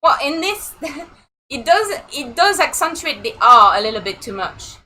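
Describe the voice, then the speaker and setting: A woman from the south of France with a French accent, a streamer chatting in an animated way while she plays. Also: sits high, unhurried, low-quality recording. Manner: chatty, animated, laughing asides. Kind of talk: casual gameplay commentary.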